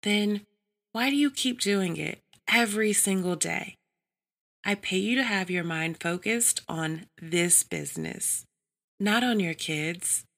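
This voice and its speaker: A woman's voice: medium pitch, slow, creaky, fairly bright tone, exaggerated voice. A woman voicing an arrogant, bullying male office boss who snaps and sneers at his staff. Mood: scolding. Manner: snapping, sneering.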